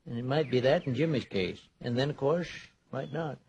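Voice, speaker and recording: A man's voice: mid-range voice, darkish tone, husky. A folksy older small-town man. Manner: slow, folksy drawl. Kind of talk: 1940s radio acting. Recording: dull old radio transcription.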